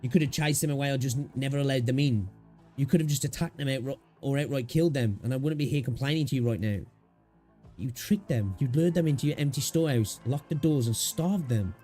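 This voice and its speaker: A man's voice: medium pitch, fast, mellow, soft background music, close to an everyday voice. A man voicing a grim, vengeful young infected woman investigator, speaking coldly and accusingly. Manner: cold and accusing.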